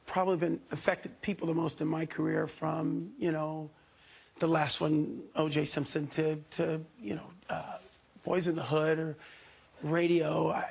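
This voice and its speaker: Gravelly, husky actor guest. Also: male voice, on the high side. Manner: easygoing, playful, drawling. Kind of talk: talk show anecdote. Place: TV studio.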